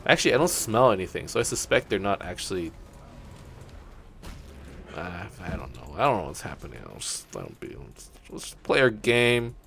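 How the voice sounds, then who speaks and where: Rambling young man, lively voice. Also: deep voice, moderate pace, gravelly, long pauses, a little hiss or hum. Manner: rambling, storytelling, casual swearing. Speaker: gaming channel host. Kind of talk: let's play commentary.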